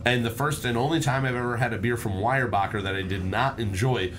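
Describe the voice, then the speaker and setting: A man hosting a podcast, chatting loosely and swearing freely. His pitch sits in an ordinary middle range. He drifts into long, rambling stories. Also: brisk, fairly bright tone, slight background noise. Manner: profane, rambling storyteller. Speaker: podcast host. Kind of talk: casual chat.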